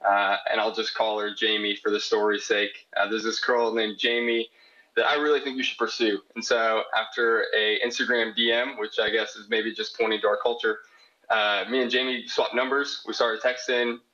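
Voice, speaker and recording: Young man from South Dakota, caller, earnest rambling storyteller, bright voice, dull lo-fi sound. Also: fairly low pitch, flat delivery, normal speed. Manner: earnest, rambling, quotes people as he tells it. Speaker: caller asking a question. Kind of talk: candid storytelling.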